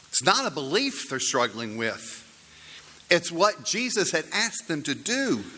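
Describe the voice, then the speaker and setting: Slow, bright-voiced preacher in a reverberant church. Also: male voice, fairly high pitch. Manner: slow, deliberate storytelling delivery. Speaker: pastor. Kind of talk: sermon.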